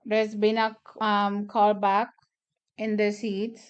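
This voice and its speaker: A woman's voice: mid-range voice, completely flat delivery, slow, smooth, lo-fi sound. A woman hosting a track watch party, chatting and commenting on races with strong, repeated opinions. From Jamaica. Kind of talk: casual live track commentary.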